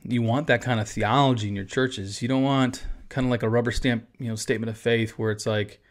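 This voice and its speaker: A man's voice: medium pitch, steady tone, brisk, hardly any pauses. A man, a pastor, teaching about a church confession of faith in a casual, conversational way with asides.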